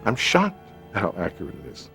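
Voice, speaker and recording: Deep-voiced man reminiscing about a film shoot. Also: huge pitch swings, fairly bright tone. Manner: reflective, measured with hesitant restarts. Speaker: actor. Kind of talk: interview recollection. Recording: light music underneath.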